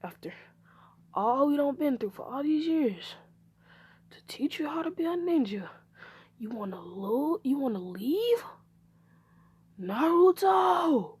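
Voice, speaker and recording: A woman voicing a stern, short-tempered ninja mother in a told fan story, scolding in a low, quiet voice. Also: sing-song, measured pace, long pauses.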